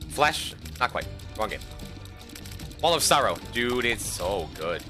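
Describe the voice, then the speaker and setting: A sleep-deprived man talks loosely to his stream chat in a lowish voice, trailing off and repeating words as he rambles. Game music plays clearly behind him throughout. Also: big pitch swings, takes it slowly.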